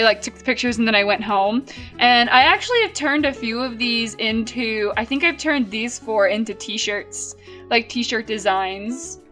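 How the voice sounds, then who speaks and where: Young woman in her 20s, bright kinda high voice, rambly casual vlog chat w lots of likes, faint music behind. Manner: chatty, rambling, lots of fillers. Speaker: vlogger.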